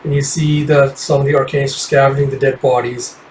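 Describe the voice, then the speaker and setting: A man's voice: medium pitch, flat delivery, a little fast, a little mellow, slight background noise, rough recording. A man casually narrating a comic book readthrough, loose and rambling with lots of filler words.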